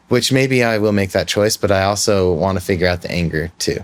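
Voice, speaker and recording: Low-voiced man telling a candid story. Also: normal speed. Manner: candid, rambling, self-reflective. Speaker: podcast host. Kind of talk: casual storytelling.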